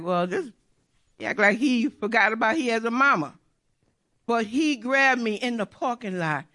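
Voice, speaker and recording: A woman's voice: on the high side, a bit bright. A middle-aged woman telling a personal faith testimony in an earnest, repetitive storytelling way. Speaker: churchgoer giving testimony.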